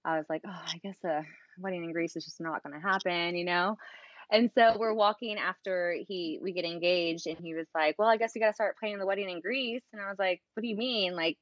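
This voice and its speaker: A woman's voice: on the low side, fairly quick, dry recording, highs cut off. A young American woman, a podcast guest, telling a long personal story in casual chat. She talks animatedly, acts out the dialogue she quotes and says "like" often.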